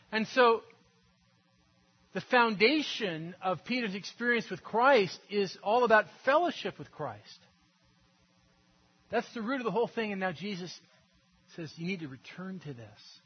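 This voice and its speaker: A man preaching a sermon in an earnest, conversational way, dropping to a hush and then rising to emphatic peaks. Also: fairly high pitch, husky, lo-fi sound. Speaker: pastor.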